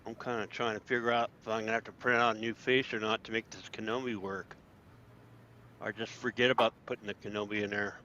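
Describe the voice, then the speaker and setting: A man's voice: lowish voice, level tone, quick pace, sharp tone, a little hiss or hum. A man co-hosting a casual podcast, rambling and trailing off with lots of ums. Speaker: podcast co-host. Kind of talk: casual chat. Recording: dull lo-fi sound.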